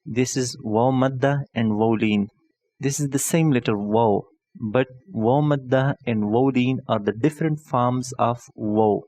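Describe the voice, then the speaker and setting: A man teaching an online lesson in a patient, deliberate way, going over each point again and again. His voice sits in an ordinary middle pitch. The sound is close and dry, with no room echo. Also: mellow. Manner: patient, repeats each point several ways; spells out terms slowly and deliberately. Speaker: online Quran tutor. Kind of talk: explanatory lesson.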